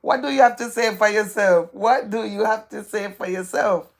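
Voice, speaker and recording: A woman's voice: medium pitch, moderate pace, vocal fry. A woman hosting a live stream, reading viewers' comments aloud in a playful, gossipy way and repeating phrases for emphasis.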